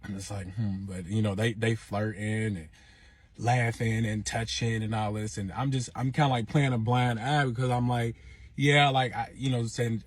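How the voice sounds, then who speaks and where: A young man, a reality TV personality, telling a profane, animated story in casual storytime style, often saying 'you know what I'm saying'. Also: on the low side, husky.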